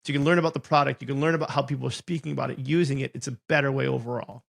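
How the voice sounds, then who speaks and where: Gravelly-voiced man hosting a podcast. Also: mid-range voice, steady tone, very fast. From Ohio, US. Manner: chatty, storytelling, frequent ums. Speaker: podcast host. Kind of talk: casual conversational interview.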